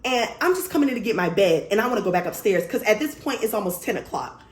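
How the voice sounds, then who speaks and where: A woman vlogger telling a story in casual storytime style, animated, blunt and profane. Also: mid-range voice, fast, echoey room.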